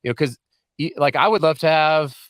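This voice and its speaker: A man's voice: fairly high pitch, a little fast, dry recording. A man hosting a podcast from a home studio, chatting casually and joking often with his guest. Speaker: podcast host. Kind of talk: casual interview chat.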